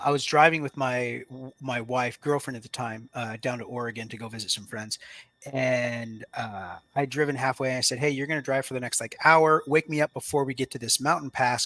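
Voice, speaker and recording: A man in his thirties speaks earnestly and reflectively as a podcast guest, recounting a personal turning point and then coaching listeners directly. His voice is bright and forward, recorded close and dry with no room around it. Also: medium pitch, no room sound. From Washington state, US. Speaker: podcast guest, Marine veteran. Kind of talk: casual interview storytelling.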